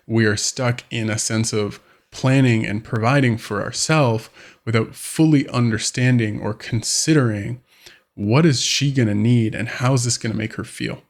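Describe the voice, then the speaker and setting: A man who coaches on relationships, talking casually to camera and acting out everyday scenes. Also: mid-range voice. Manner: conversational, acts out scenarios with quoted voices. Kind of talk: direct-to-camera advice vlog.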